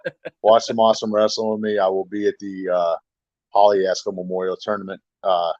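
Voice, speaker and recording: Deep voiced wrestler guy, halting, lots of uh's, kinda dull lo-fi dry audio. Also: flat delivery, a little mellow, no echo. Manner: hesitant, halting, many fillers. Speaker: wrestler, interview guest. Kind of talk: casual interview.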